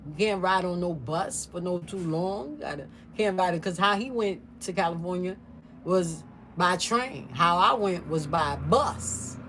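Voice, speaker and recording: Low-voiced woman telling a family story. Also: measured pace, slight background noise. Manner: animated, mimics other people's voices. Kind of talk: casual storytime chat.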